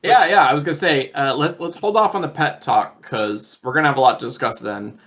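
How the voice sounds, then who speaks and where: A man at a middle pitch co-hosts a relaxed podcast chat. He pauses on fillers and restarts sentences as he works through his points. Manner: hesitant, many fillers and restarts. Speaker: podcast co-host presenting the agenda.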